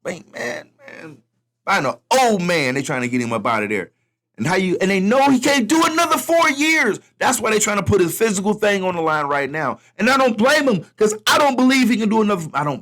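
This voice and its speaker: Animated man ranting casually. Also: high-pitched, a little fast. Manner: animated, repetitive, talks straight to viewers. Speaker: vlogger commenting on politics. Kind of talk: casual political rant.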